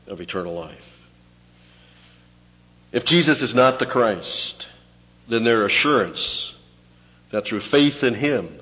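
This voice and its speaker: A man preaching an expository sermon, teaching conversationally and dropping to quiet asides between points. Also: on the low side. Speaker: pastor. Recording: lo-fi with long hall reverb.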